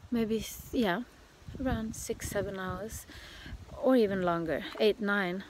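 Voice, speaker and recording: A woman's voice: mid-range voice, measured pace, noisy background. Chatty woman vlogging outdoors. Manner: chatty, rambling, with many fillers and self-corrections; drops to a whisper for stretches. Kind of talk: casual travel vlog. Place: outdoors at a countryside bed and breakfast.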